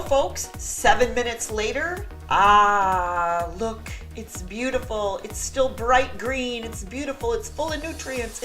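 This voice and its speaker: A woman's voice: on the high side, fairly bright tone. Chatty, joking woman cooking on camera. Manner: chatty, joking, self-deprecating. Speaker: vlog host. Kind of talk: casual cooking vlog.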